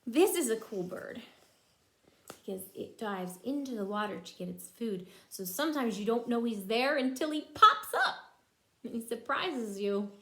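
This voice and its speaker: A woman's voice: fairly high pitch, lively intonation, moderate pace, a bit bright. A young woman reading a picture book aloud to young children as a teacher, in a sing-song way, stopping to explain words and make bird calls.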